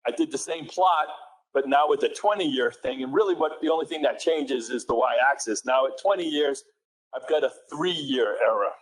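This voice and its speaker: A man with a New England accent giving a talk at a conference. He speaks at a mid pitch, easygoing and conversational, often correcting himself mid-sentence and asking the room questions. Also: normal speed, poor audio. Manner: conversational, self-correcting, asks the audience questions. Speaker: conference presenter. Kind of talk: technical conference presentation.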